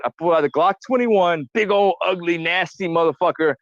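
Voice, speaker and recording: A man's voice: sits high, fairly quick, no room sound, muffled recording. A man, a guest on a talk show, telling his side of a dispute in a heated, profane way and often quoting what he said back then. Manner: profane, repeats himself, quotes his own past remarks.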